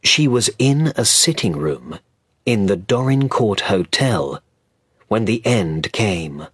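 A man reading a storybook aloud, slow and clear for learners. His low, husky voice rises and falls with lively expression, and the sound is dry and close to the mic. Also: dry recording. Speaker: audiobook narrator. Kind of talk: scripted storybook narration.

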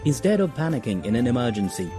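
A man narrating a children's story in an expressive storytelling manner. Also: mid-range voice, fast. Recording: music behind.

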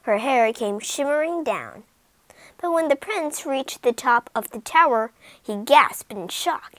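A woman narrating a fairy tale in an expressive, dramatic storytelling manner. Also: high-pitched, measured pace, no room sound, low-quality recording.

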